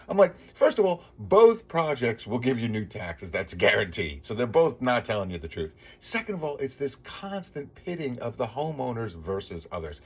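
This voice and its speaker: A man's voice: on the low side, husky. A man from Long Island, New York, talking in a casual, rambling vlog monologue, opinionated and digressive, often restarting his sentences. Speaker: vlogger.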